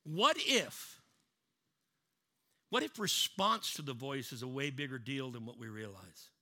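A man preaching a sermon, swinging from loud emphatic lines down to low, hushed ones. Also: lively intonation, measured pace. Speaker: pastor.

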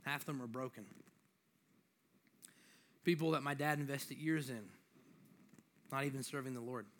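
A man's voice: medium pitch, steady tone, normal speed, a bit bright. A young man preaching a sermon with a slight lisp, joking and conversational at times, then building to emphatic exhortation.

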